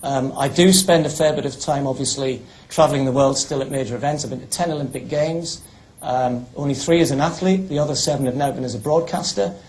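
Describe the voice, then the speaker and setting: A man's voice: mid-range voice, brisk, darkish tone, low-quality recording. A middle-aged British man, a former athlete and broadcaster, giving a chatty public talk full of anecdotes. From United Kingdom. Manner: chatty, restarts, tells stories.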